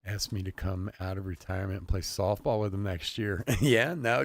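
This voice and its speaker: A middle-aged man with a low voice hosts a live card break, speaking fairly quickly as he chats casually, tells stories and laughs often. He's recorded on a desk mic in a stream setup with no echo.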